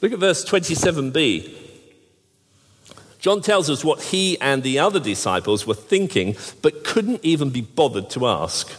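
A man's voice: medium pitch, sing-song, normal speed. A man preaching a sermon, with wry, jokey asides and frequent restarts. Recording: long hall reverb.

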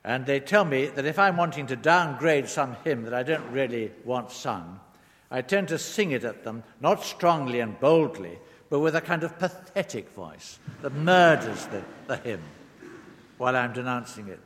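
A man's voice: mid-range voice, expressive, moderate pace, a bit bright. A man preaching a sermon, leaning on words with rising and falling emphasis. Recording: long reverb of a large hall.

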